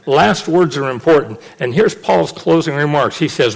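A man's voice: a little high, animated, moderate pace, creaky, few pauses, low-quality recording. A middle-aged man preaching a sermon, emphatic and repeating phrases for stress.

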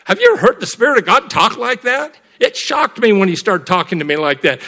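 A middle-aged man, a pastor, preaching a sermon and closing in prayer, swinging from hushed words to loud exclamations. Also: high voice, big pitch swings, fast, few pauses.

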